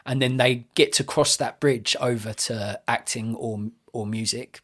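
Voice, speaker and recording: A man co-hosting a film podcast, giving his views in a measured, opinionated way. His pitch sits in an ordinary middle range, and he often circles back to restart a phrase before he makes his point. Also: fairly even intonation, fairly bright tone. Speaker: podcast co-host. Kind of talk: casual film review chat.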